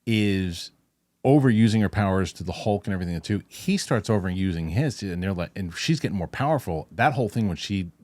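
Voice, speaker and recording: A man's voice: low-pitched, expressive, brisk, a little mellow, dry recording. A man hosting a casual film review chat, rambling with restarts and acting out movie lines. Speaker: host.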